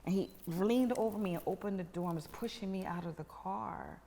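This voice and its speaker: A middle-aged woman telling a personal story as a podcast guest, animated and dropping to whispers at tense moments. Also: mid-range voice, a little fast, creaky, long reverb tail.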